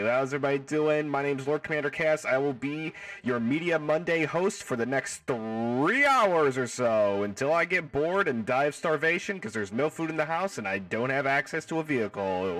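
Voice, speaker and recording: A man's voice: medium pitch, animated, moderate pace, few pauses, fairly bright tone, far from the mic. A man hosting a casual live stream from home, reading chat in a playful, jokey way and swearing freely.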